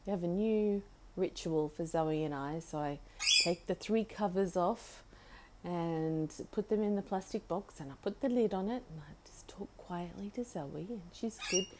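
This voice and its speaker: A woman hosting a casual solo podcast from home, talking in a halting, rambling way with restarts, and cooing to her pet bird in a sweet, high voice. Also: darkish tone, slight background noise. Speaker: podcast host.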